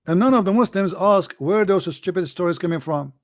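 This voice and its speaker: A man's voice: high voice, lively intonation, brisk. Mocking man with an Arabic accent. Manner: mocking and emphatic, broken grammar. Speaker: call-in show host. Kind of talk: polemical religious talk.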